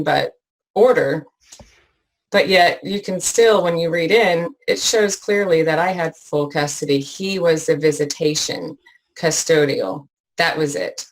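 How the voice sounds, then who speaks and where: Woman guest, slow gravelly delivery, halting, tearful testimony. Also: lowish voice, poor audio. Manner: halting, many fillers and restarts. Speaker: interview guest. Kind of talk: emotional personal testimony.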